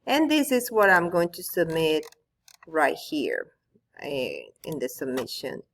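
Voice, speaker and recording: Her voice is low-pitched and gravelly, with slight background noise behind it. The woman, a Spanish teacher, records her screen while patiently explaining an online tool to students step by step.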